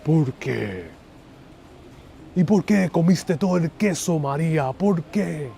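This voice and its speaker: A man's voice: a little high, animated, measured pace, creaky, mellow, a little hiss or hum. A man putting on a melodramatic telenovela leading man, pleading theatrically while outdoors on a city street. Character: melodramatic male telenovela lead scolding his lover. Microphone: phone on gimbal with wireless lapel mic.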